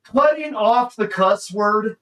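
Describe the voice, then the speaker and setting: A man with a high voice chats excitedly as he reacts to a movie on stream, throwing "dude" into almost every sentence. He sits a little back from the microphone, so his voice sounds slightly distant. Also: unhurried. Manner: excitable, says "dude" constantly. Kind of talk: casual movie reaction commentary.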